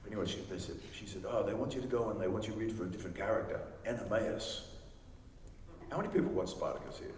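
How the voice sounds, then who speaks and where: Low-voiced man telling stories in an echoey hall. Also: expressive, fast, darkish tone, a little hiss or hum. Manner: chatty, laughs often, acts out other people's lines. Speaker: celebrity panel guest. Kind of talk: anecdotal storytelling to a live audience. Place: large convention hall. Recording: echoey hall recorded from far off.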